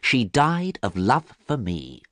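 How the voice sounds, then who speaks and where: A man's voice: mid-range voice, huge pitch swings, takes it slowly, no echo, studio quality, voice pushed up, heavily acted. A man voicing a vain, cold young man who sounds bored and scornful, in a storybook reading. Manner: bored, scornful, sometimes sharp.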